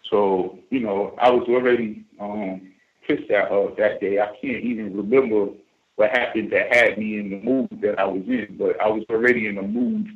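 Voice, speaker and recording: A man's voice: on the low side, steady tone, normal speed. A man calling in to a radio show, telling a story in a casual, rambling way, full of fillers and restarts. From United States. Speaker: caller. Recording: phone line.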